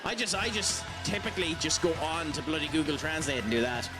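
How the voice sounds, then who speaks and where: Male streamer, high voice, chatty and self-mocking, game music under. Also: lively intonation, fairly quick. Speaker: game streamer reading chat. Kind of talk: casual live-stream chat.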